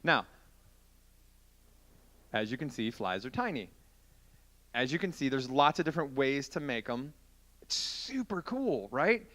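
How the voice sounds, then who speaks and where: A man preaching to a youth group, telling a long story in a chatty, animated way and acting out the scenes as he goes. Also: mid-range voice, a little slow, pauses often. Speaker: youth pastor.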